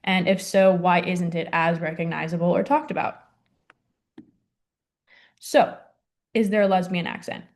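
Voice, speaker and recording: A woman's voice: lowish voice, a little slow, long pauses, darkish tone. A young adult woman presenting a class project, hesitant and full of ums and likes. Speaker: student presenter.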